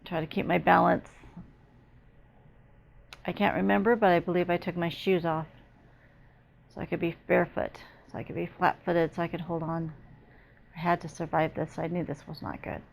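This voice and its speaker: A woman psychic medium giving an emotional, halting first-person channeling narration, repeating herself as she speaks. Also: on the low side, level tone, creaky, slight background noise.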